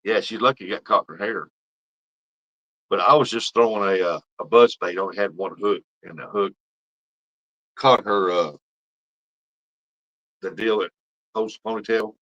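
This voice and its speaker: Folksy man with a bright voice. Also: fairly low pitch, fairly even intonation, normal speed, long pauses, muffled recording. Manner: folksy rambling storyteller. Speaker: livestream host. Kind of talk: casual chat with viewers.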